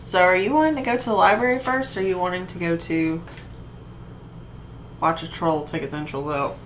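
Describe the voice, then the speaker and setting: A woman playing a tabletop game, chatty and quick to laugh. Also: lowish voice, a little hiss or hum. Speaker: player. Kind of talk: casual tabletop play.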